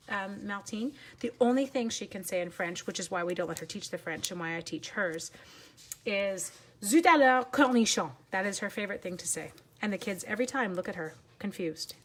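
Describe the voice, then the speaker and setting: A woman hosting a live papercraft tutorial, bubbly and chatty, quick to laugh while she answers viewers. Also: medium pitch, a little hiss or hum. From Canada. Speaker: papercraft demonstrator and teacher.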